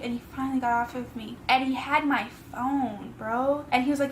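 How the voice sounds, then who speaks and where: A woman's voice: high-pitched, fairly even intonation, fairly quick, a little hiss or hum, rough recording. A young woman telling a personal story in a vlog, with casual slang, emotional and tearful at times. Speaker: vlogger.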